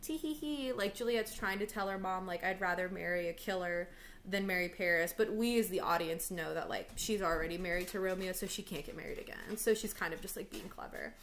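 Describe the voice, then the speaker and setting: A woman teacher walks through a play in a relaxed online lesson from home. Her speech is chatty and loose, full of "like" and "um". Her pitch sits in an ordinary middle range. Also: a little fast, hardly any pauses, a little hiss or hum. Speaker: English teacher.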